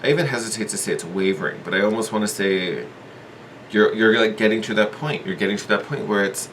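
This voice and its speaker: A man's voice: lowish voice, fast talker, a bit bright, a little hiss or hum. A man giving a casual tarot reading, thinking aloud with hedges and repeats in an earnest, encouraging way. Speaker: tarot reader.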